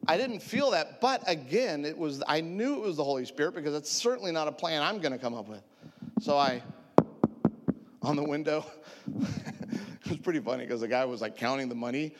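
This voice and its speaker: A man in his forties preaching through a humorous personal story, animated and self-mocking, laughing often. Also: on the high side, normal speed, pauses often, big-room sound. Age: 40s. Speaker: preacher sharing testimony.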